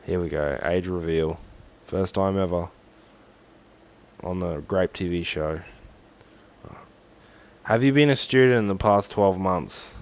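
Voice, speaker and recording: A man's voice: low voice, slow, pauses often, darkish tone. A young Australian man with an Australian accent, rambling sarcastically and swearing as he talks through a form on a casual livestream.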